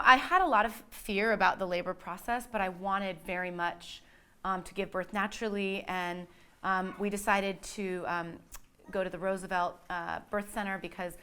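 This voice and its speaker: A woman's voice: medium pitch, fairly bright tone, clear, resonant tone. A woman telling her birth story casually, rambling with lots of fillers and restarts, livening up when she quotes others.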